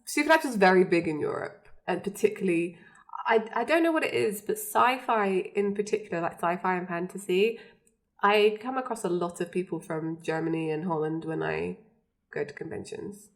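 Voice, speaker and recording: A woman's voice: fairly low pitch, a little fast. A woman co-hosting a podcast, chatting casually as she recaps a TV episode and quotes the characters. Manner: chatty, frequent fillers and laughter, quotes characters. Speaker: podcast co-host.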